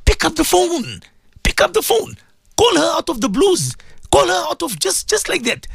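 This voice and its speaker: A man's voice: very high-pitched, creaky, fairly bright tone, dry recording, studio quality. A man hosting an Islamic radio show, preaching with passion, asking rhetorical questions and repeating himself for emphasis. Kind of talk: impassioned religious radio talk.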